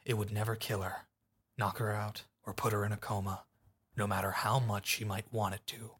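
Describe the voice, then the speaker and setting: A man narrating a fan audiobook in a steady, even storytelling manner. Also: fairly low pitch, moderate pace, husky.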